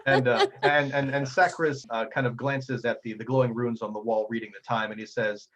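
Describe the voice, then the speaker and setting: A man's voice: mid-range voice, fairly even intonation, brisk, few pauses, fairly bright tone, highs cut off. A man narrating a tabletop game as game master, storytelling with frequent ums and restarts.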